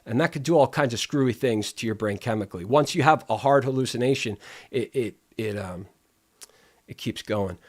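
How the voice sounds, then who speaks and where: A man's voice: medium pitch, moderate pace. A man hosting a live stream, rambling casually with lots of restarts and playful alliteration. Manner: rambling, wordplay-loving, self-interrupting.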